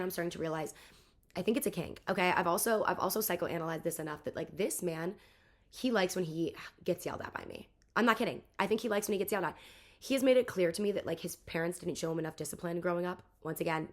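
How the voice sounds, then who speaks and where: A young woman in her twenties telling a casual storytime rant, chatty and profane, dropping into mock voices. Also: fairly low pitch. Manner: fast, chatty, swears a lot, lively mock voices. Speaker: vlogger.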